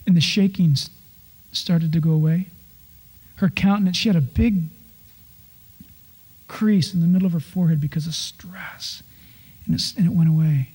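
A male pastor preaching a sermon, telling stories with animated delivery and acting out people's complaints in exaggerated voices. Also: sits high, slightly rough.

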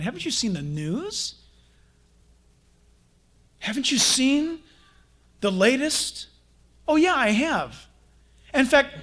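Male pastor, sermon delivery, high and very lively pitch, conversational with playful asides. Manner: animated, conversational preaching with playful mock dialogues.

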